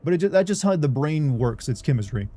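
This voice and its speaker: A man's voice: on the high side, animated, a little fast, warm tone. A young man chatting casually on a livestream, rambling and candid as he talks to his viewers.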